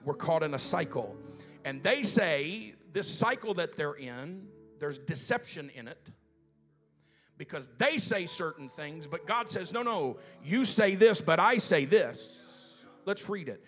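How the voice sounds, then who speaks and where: Male preacher, high-pitched, slow deliberate scripture reading, swells to fervent loud exhortation, faint music underneath. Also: expressive. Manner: reads scripture slowly with drawn-out emphasis. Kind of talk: sermon. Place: church sanctuary.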